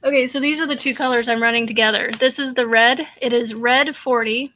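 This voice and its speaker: A woman's voice: a little high, steady tone, brisk, sharp tone. A woman from Kansas hosting a crochet live stream, chatting casually, laughing often and answering viewer comments as she works. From Kansas, USA. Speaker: crochet channel host.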